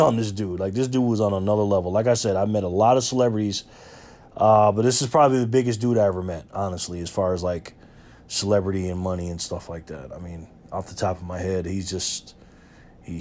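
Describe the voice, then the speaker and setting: A man's voice: fairly low pitch, a little mellow. A man from New York, vlogging as he tells a chatty story with lots of fillers and restarts. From Rochester, New York. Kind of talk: casual storytelling.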